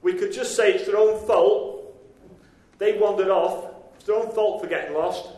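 A pastor gives a conversational sermon at normal speed, his high, light voice steady and somewhat dark in tone. He repeatedly asks the congregation direct questions, and the echoey sound suggests a church hall.

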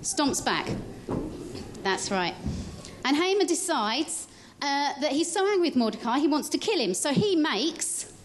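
A woman telling a Bible story during a church service, lively as she directs child volunteers. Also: high voice, unhurried, slight background noise.

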